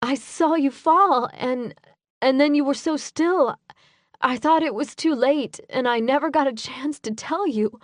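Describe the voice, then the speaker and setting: Gentle wounded young lover, as a woman reads him. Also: fairly high pitch, animated, slow, no room sound, clean studio sound. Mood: tender.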